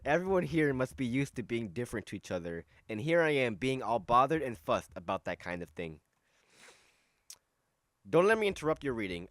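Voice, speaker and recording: A man's voice: mid-range voice, fairly bright tone, dry recording, clean studio sound. A man reading a visual novel aloud and commenting as he plays, self-mocking and often restarting lines. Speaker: let's play host. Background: game music.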